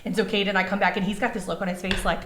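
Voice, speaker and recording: A woman's voice: medium pitch, flat delivery, racing, background noise. A middle-aged woman co-hosting a podcast in casual chat, telling stories and laughing often. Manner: chatty, laughs often, storytelling. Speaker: podcast co-host.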